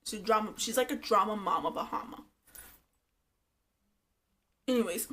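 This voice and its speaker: A woman's voice: medium pitch, normal speed. A woman giving a casual, gossipy recap of a reality show, full of "like" and swearing. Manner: animated gossipy retelling, frequent "like", swearing. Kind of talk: casual chat.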